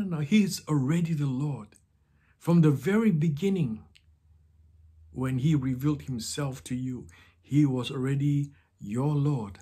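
A man talking slowly and reflectively in an informal devotional talk about faith. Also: on the high side, dark tone, slightly rough. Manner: slow and reflective, with pauses. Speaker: Christian speaker.

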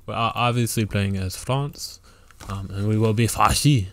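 A man's voice: on the low side, normal speed, a bit bright. A man hosting a let's play, giving casual strategy game commentary and thinking aloud with fillers and restarts.

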